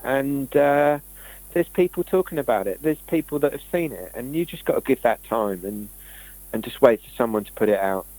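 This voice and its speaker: A man speaks in casual conversation, his voice sitting at an ordinary, middle pitch. He drifts from one point to the next, doubling back and restarting his sentences as he goes. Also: moderate pace, darkish tone, low-quality recording. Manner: loose, digressive storytelling with many restarts. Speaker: guest speaker on esoteric topics. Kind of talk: rambling conversational monologue.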